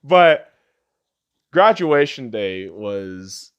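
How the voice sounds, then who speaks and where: A man's voice: on the low side, big pitch swings, very slow, clean tone, muffled recording. A man in his late twenties, a podcast host, swearing a lot and repeating himself as he tears up over a personal memory. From Las Vegas, USA. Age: late 20s. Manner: profane, repetitive, tearful. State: tearing up. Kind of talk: emotional personal monologue.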